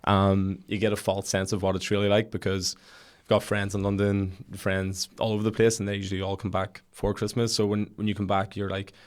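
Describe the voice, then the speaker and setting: Northern irish guy, fast talker, lowish voice, chatty storyteller. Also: smooth. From Northern Ireland. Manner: animated storyteller, quick and chatty with frequent laughs. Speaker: podcast guest, football coach. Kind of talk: casual chat, storytelling.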